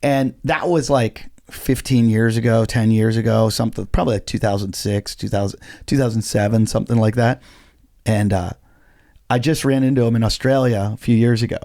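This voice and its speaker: A man who is a comedian, telling a story on a podcast in an animated way and swearing freely. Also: lowish voice, a little fast, dry recording, studio quality. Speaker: comedian guest. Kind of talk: casual podcast chat.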